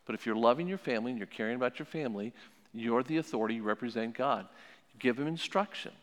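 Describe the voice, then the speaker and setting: A man's voice: mid-range voice, fast. A man preaches on raising children with a mid-range voice that sits right in the middle for a man. He tells stories animatedly and leans on repeated phrases. His voice rings out into a big hall with a long reverb tail. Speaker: pastor teaching on parenting. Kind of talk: sermon-style teaching talk.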